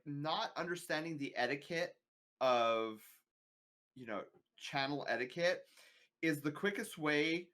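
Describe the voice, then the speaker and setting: A man's voice: fairly high pitch, fairly bright tone. A man streamer chatting casually on a podcast, giving earnest, emphatic advice with lots of filler words, over a remote voice call.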